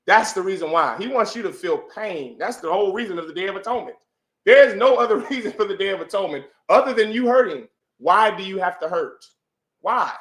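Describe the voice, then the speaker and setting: A man's voice: high-pitched, animated, normal speed, a bit bright. A man teaching a religious class, pressing his listeners with repeated rhetorical questions and calling on them for answers. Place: room with audience. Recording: echoey room.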